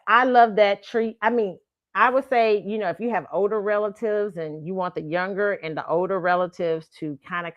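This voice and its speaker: A woman's voice: fairly low pitch, no room sound, highs cut off. A woman hosting a casual commentary show. She talks chattily, often checks in with "okay?" and laughs easily. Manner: chatty, tag questions of "okay?", quick laughs. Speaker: host.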